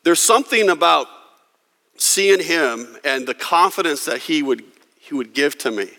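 A man from California preaching a sermon, telling stories with emphatic, dramatic pauses. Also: fairly high pitch, lively intonation, gravelly, pushed and bright. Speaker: pastor. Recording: long reverb of a large hall.

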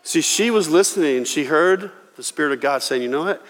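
A man preaching a sermon as pastor, telling stories with lively acted-out quotes. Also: on the high side, fairly quick. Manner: animated storytelling, acting out quoted voices. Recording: long hall reverb.

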